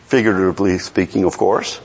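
A man preaching a sermon in an animated way, asking the congregation questions and chuckling as he goes. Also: deep voice, brisk.

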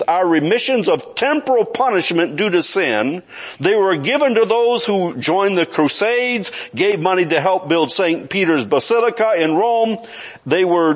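Male pastor, high voice, conversational sermon delivery with frequent restarts.

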